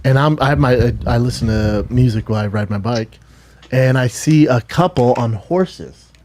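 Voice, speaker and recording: A man's voice: medium pitch, moderate pace, darkish tone, slight background noise. A man telling a rambling anecdote on a podcast, in a clip played back, repeating himself often.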